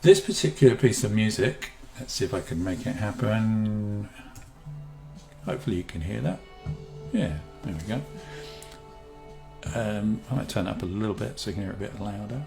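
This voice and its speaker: Male seminar presenter, low voice, live stream from an echoey room at home, shifts into slow soothing delivery. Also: gravelly, faint music behind. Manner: deliberately slows and softens his voice to demonstrate calm. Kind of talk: live online seminar talk. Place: room at home with a guitar behind.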